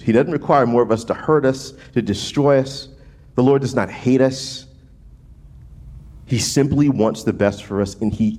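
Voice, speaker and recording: A man from New Orleans preaching a sermon in a casual, animated way, often restarting phrases and checking in with "right?". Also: on the low side. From New Orleans, USA. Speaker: pastor.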